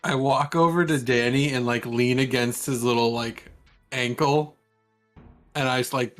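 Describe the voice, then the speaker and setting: A player in a casual tabletop game, amused and playfully acting out a mouse's squeaks. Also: fairly even intonation, unhurried, faint music behind.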